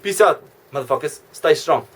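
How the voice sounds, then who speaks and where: Rambling man with a lively voice. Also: fairly high pitch, normal speed, a little hiss or hum. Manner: rambling, self-correcting, jokey. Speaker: vlogger. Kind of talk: rambling casual monologue.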